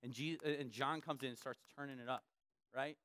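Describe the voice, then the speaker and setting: A young man preaching a sermon in a church, telling a lively story and acting out the voices of the people in it, laughing along as he goes. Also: mid-range voice, a little fast, no echo, studio quality. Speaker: pastor.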